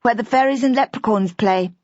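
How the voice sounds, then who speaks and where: A woman voicing a bright, forthright little girl with an eager, chattering child voice. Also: on the high side, a little fast, dry recording, voice pushed up, close to an everyday voice. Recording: dull, dry lo-fi audiobook recording.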